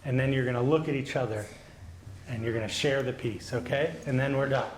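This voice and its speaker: A male pastor giving a children's sermon, gently asking the children questions and answering them. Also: mid-range voice, brisk, background noise. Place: church sanctuary. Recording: echoey church.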